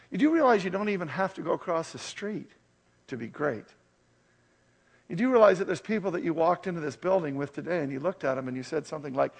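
Gravelly, husky male pastor preaching. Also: a little high, animated, fast talker. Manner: earnest, urgent preaching. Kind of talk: sermon and prayer.

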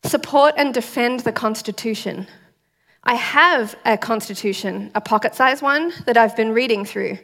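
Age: adult. Sex: woman. Role: church speaker. Pitch: fairly high. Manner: lively, quizzing the congregation. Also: moderate pace. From outside the United States. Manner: lively, quizzes the audience with questions. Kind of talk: sermon.

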